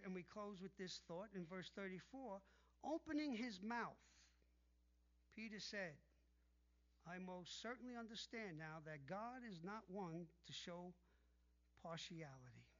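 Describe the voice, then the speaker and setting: A man's voice: high voice, fairly bright tone, dull audio. A male pastor preaching a sermon emphatically, calling out for amens from the congregation. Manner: emphatic preaching with call-and-response.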